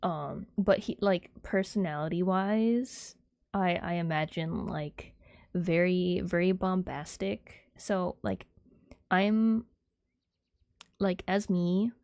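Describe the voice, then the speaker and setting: Soft, giggly young woman streamer. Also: lowish voice, slow, no echo, clean studio sound. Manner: rambling with many fillers. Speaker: livestreamer. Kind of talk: casual chat with viewers.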